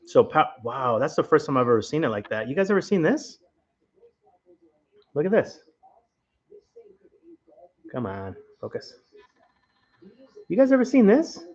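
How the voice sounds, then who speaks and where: A man's voice: medium pitch, muffled recording. A man with a Rhode Island accent hosting a casual late-night livestream from home, rambling and chatting straight to his viewers. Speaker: livestream host.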